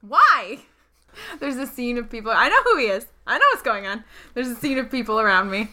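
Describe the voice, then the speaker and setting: A woman playing a tabletop game, animated and giggly, stumbling over long English words that are not her first language. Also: a little high, fast talker. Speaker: player. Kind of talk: casual tabletop game chat.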